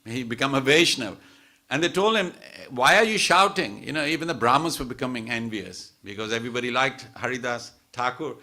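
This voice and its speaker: A man's voice: mid-range voice, brisk, bright, forceful tone. A man giving a temple talk as a sermon, telling stories in a chatty way with many asides and restarts. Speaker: temple speaker. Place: temple hall.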